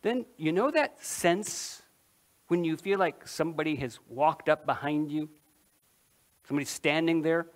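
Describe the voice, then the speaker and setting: A man's voice: a little high, measured pace, natural voice. A man preaching a dramatic first-person monologue, voicing Mary of Magdalene, a woman disciple who tells her story straight to the listeners and asks them questions. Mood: awestruck.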